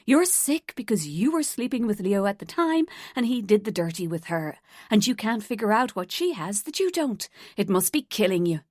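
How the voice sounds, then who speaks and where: A woman narrator voicing a soft-spoken, loyal woman coworker who stands her ground. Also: medium pitch, sing-song, normal speed, no room sound, clean studio sound. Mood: firm. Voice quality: soft, firm when angered.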